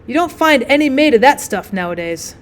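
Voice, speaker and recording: A woman's voice: high voice, very animated, brisk. A woman voicing a stingy, hesitant peasant man in a storybook reading, stammering and wheedling.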